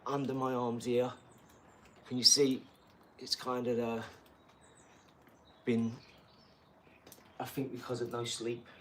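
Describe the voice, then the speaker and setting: A man's voice: mid-range voice, slight background noise. A man chatting casually and slangily to viewers on a live stream from a garage gym. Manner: chatty and slangy, talking straight to the chat.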